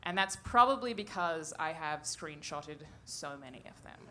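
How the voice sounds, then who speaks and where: A woman's voice: low-pitched, expressive, normal speed, noisy background. A woman doing a stand-up comedy set on stage into a handheld mic, brash and profane, laughing at her own jokes. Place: comedy stage before a live audience.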